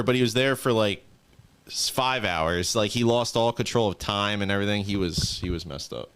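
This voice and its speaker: A man on a podcast telling a story in a hesitant, low-key way. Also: moderate pace, fairly bright tone, clean tone. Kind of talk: casual podcast chat.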